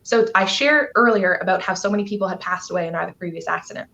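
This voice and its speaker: A woman's voice: fairly low pitch, quick pace, vocal fry, sharp tone, muffled recording. A woman from Canada, a guest telling a personal story on a live stream, earnest and emotional, rambling with fillers.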